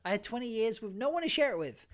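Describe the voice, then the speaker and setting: A woman hosts a relaxed fan panel chat, her pitch rising and falling in lively swoops. She breaks into laughter again and again and trips over her own words as she talks. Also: fast talker. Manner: giggly, laughs often, stumbles through sentences. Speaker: host of a fan talk show.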